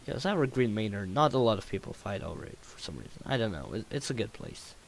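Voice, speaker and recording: A man's voice: fairly low pitch, big pitch swings, fast talker, gravelly, a little hiss or hum, rough recording. A man doing a put-on Russian accent while casually commentating a video game, playful and jokey. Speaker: gamer.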